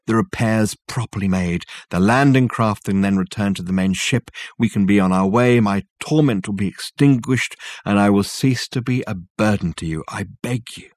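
A man's voice: lowish voice, darkish tone, no echo, natural voice. A man voicing a tormented, ancient male alien ghost who speaks abjectly and begs for release. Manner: abject, pleading, mournful.

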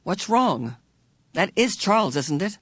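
A narrator voicing a gentle, tender middle-aged father who is a scientist, in an audiobook. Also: medium pitch, big pitch swings, measured pace, husky, no room sound, studio quality. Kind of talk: audiobook character voice.

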